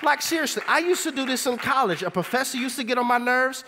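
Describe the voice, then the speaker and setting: A young adult man preaching a sermon in an animated, conversational way, throwing rhetorical questions at the congregation. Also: very high voice, fast talker, hardly any pauses.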